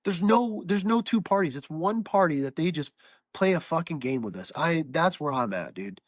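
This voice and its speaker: A man's voice: fairly high pitch, lively intonation, normal speed, no echo. Ranting stuffed-up man on a podcast. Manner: ranting, profane. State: stuffed-up, nasal. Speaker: podcast guest. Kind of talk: casual podcast chat.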